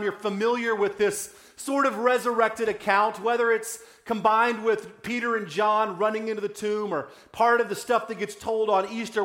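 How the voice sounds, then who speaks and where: High-voiced man preaching in an echoey room. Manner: conversational, often tags lines with "right?", drops soft and low for emotional moments. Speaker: pastor. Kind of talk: sermon.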